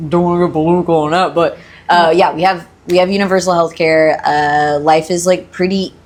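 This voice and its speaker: Low-voiced rambling young woman. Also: fairly even intonation, a little fast. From Australia. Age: 20s. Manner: rambling, self-correcting, jokey. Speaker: guest. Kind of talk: casual chat.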